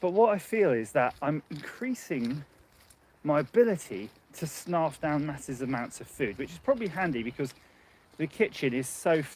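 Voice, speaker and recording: A man's voice: fairly high pitch, expressive, moderate pace, darkish tone, slightly rough. A man livestreaming casually on a handheld phone while walking outdoors along a muddy path, rambling and chatty, laughing often. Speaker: livestream host. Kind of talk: casual live chat.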